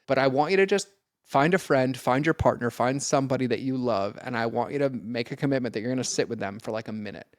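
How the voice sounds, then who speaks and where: A man's voice: mid-range voice, fast, no echo, clean studio sound. A man talking as a podcast guest, earnest and direct, speaking casually with lots of "like" and the odd swear, often addressing listeners straight on. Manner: casual, peppered with "like" and mild swearing.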